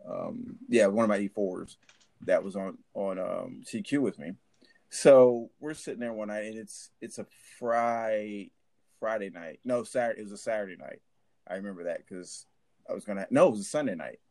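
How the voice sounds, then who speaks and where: A man's voice: lowish voice, normal speed, gravelly, darkish tone. A man, a former army sergeant, telling a barracks story in a rambling, profane way full of restarts. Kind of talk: casual storytelling chat.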